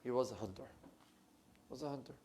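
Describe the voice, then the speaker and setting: A middle-aged male rabbi preaching a sermon in a synagogue, animated and emphatic, swinging from loud to soft. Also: medium pitch, normal speed, slight background noise.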